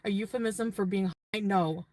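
A woman's voice: medium pitch, steady tone, normal speed, a little mellow, dry recording. A woman vlogging casually from her parked car, rambling about her trip and her channel. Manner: rambling, chatty.

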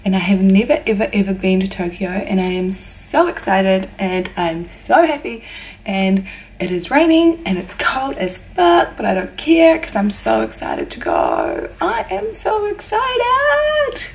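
A woman's voice: mid-range voice, very animated, measured pace, darkish tone. A young woman vlogging from her hotel room, chatting in a bubbly, gushing way to a handheld camera. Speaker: travel vlogger. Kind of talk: casual vlog chat.

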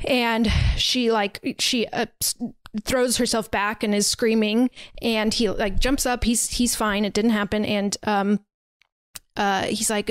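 A woman's voice: on the high side, fairly even intonation, measured pace, clean tone, no room sound. A woman podcast co-host recapping in casual chat, rambling and full of fillers like "like" and "um". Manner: rambling, filler-heavy storytelling with lots of "like" and "um". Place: podcast recording setup.

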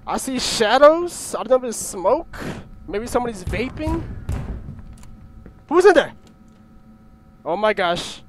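A man's voice: extremely high pitch, big pitch swings, normal speed, slight background noise. A young man nervously commentating a horror game, jumpy, often swearing and yelping. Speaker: gaming YouTuber.

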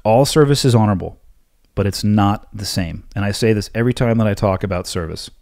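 Low-voiced guy hosting a podcast, blunt and preachy, dry close sound. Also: a little fast, no echo. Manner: blunt, forceful, lecturing. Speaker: podcast host. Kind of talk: solo podcast Q&A.

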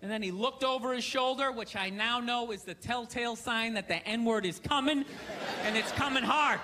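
A man doing a stand-up set in a theater, ranting loudly with sarcastic delivery. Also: extremely high pitch, moderate pace. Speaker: stand-up comedian. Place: theater stage. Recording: live show with crowd laughter and noise. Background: audience laughter.

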